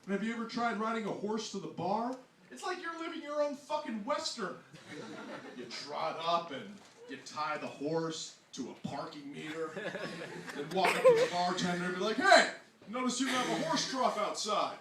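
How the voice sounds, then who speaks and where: Animated New Jersey comic in echoey hall. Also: male voice, high voice, normal speed. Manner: animated, exclamatory, mimics voices. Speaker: stand-up comedian. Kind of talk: stand-up comedy set. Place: small hall with audience. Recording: distant echoey room mic, loud noise.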